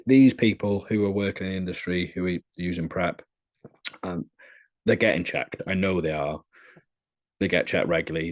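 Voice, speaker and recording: A young man talking casually as a podcast guest, telling stories in a lively, chatty way. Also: low-pitched. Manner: lively, chatty storyteller, often laughing. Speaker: interviewee.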